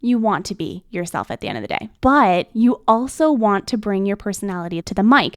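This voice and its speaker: A middle-aged woman hosting an instructional podcast, coaching listeners in an expressive, clearly enunciated way. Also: mid-range voice, brisk, hardly any pauses, no echo, studio quality. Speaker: podcast host and production coach.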